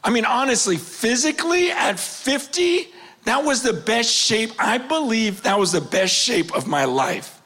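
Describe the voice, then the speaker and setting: This is a high-pitched male preacher in his fifties, delivering a sermon as a story from his own life. He pushes hard with passion, then drops to a near-hush, and his voice keeps rising and falling. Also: sing-song, measured pace, slightly rough. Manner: impassioned, swinging between loud urgency and hushed quiet.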